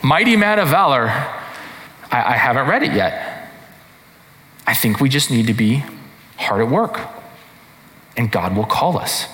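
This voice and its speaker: A man's voice: medium pitch, very animated, measured pace, pauses often, fairly bright tone. A man preaching a sermon in a conversational way, often checking in with rhetorical questions. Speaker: pastor. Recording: echoey hall reverb.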